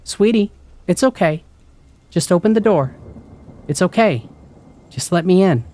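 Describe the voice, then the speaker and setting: A man's voice: sits high, lively intonation, unhurried, voice pushed up. A man voicing an inhuman creature that imitates a tearful mother, pleading through a door in a horror story. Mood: coaxing. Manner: pleading, tearful, escalating to shouting.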